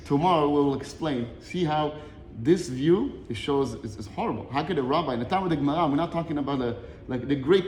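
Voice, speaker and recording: A man teaching a quick Torah lesson, his voice pitched high and his words tumbling out fast. He retells an old story with lots of animation, dropping into Hebrew quotes and then explaining them in English, all in a room with a long, ringing echo. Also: slight background noise.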